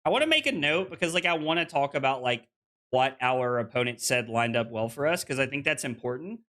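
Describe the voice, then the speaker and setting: A man's voice: mid-range voice, animated, brisk, fairly bright tone. Chatty man streaming a card game. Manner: chatty, full of "like" fillers, reads chat aloud.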